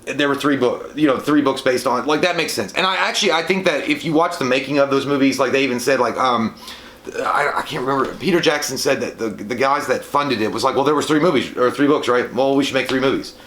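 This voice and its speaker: Fast-talking animated man in an echoey room. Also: mid-range voice. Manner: animated, swears a lot, jumps into silly shouted impressions. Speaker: co-host. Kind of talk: casual movie chat.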